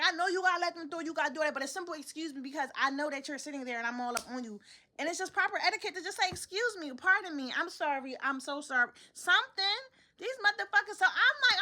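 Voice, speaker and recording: A young woman vlogging from home, casually venting and acting out other people's lines. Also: high-pitched. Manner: animated storytelling, acts out other people's lines.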